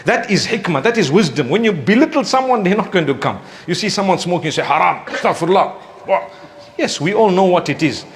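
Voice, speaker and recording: High-voiced male preacher giving friendly advice. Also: fairly quick, a little hiss or hum. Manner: animated, acts out quoted speakers; recites scripture in melodic chant. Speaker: Islamic preacher. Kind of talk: conversational sermon.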